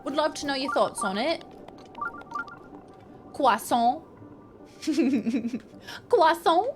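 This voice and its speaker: Young woman gamer chatting w her stream, jokey and goofy, kinda high voice, faint music in the back. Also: unhurried. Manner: playful, jokey, chatting to viewers. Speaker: game streamer. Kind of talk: casual live-stream chat.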